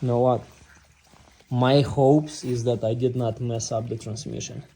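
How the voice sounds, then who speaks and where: A DIY car repair vlogger narrates a casual how-to while working on his car, recorded on a nearby phone. His mid-range voice is slow and mellow with fairly even intonation. Chatty, he exclaims at what he finds, calls viewers "guys," and mentions that he has a non-native accent.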